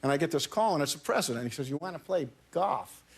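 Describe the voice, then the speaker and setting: A man, a talk show guest, telling a long anecdote in casual chat, halting and often repeating words as he goes. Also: on the high side, lively intonation, slightly rough.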